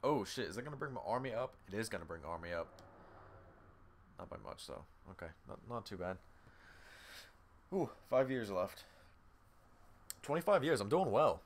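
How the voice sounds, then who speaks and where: Lively, foul-mouthed male game streamer. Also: fairly low pitch, moderate pace, long pauses. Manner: swears freely and talks straight to viewers. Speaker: gaming streamer. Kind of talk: casual live gameplay commentary, reading game text aloud.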